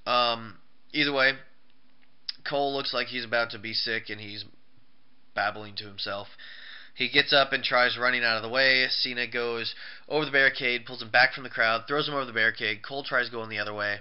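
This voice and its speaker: A man rambles through a casual recap of a show, stumbling over restarts and fillers. His voice sits at an ordinary pitch and sounds smooth. The recording is muffled and lo-fi. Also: fairly even intonation, a little fast. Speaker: wrestling show reviewer. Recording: dull lo-fi recording.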